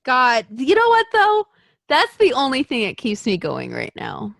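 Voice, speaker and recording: A woman co-hosting a podcast in casual chat, excitable and gushing, swearing freely. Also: high voice, measured pace, vocal fry, no room sound, clean studio sound. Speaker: podcast co-host.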